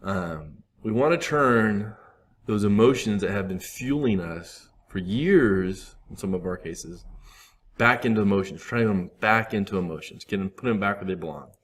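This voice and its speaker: A man's voice: fairly low pitch, lively intonation, moderate pace. A man in his thirties giving a candid, rambling talk to a recovery group, acting out his own asides. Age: 30s.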